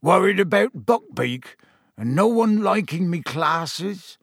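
A man voicing a huge, soft-hearted male gamekeeper who talks in a broad rustic dialect. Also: high-pitched, animated, slow, dry recording, studio quality, pitched above the performer's own voice, heavily acted. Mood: gloomy.

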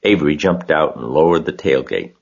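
Male audiobook narrator, deep and steady, lo-fi sound. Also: fairly quick, gravelly, husky. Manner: steady, expressive reading.

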